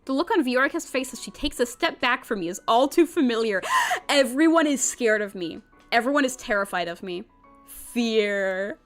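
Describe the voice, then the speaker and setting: A young woman streams a visual novel, voicing its characters and chatting about them in a bubbly, giggly way. Her voice sits high and swoops all over the place, with soft music playing underneath. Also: moderate pace. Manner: bubbly, giggly, animated line reading.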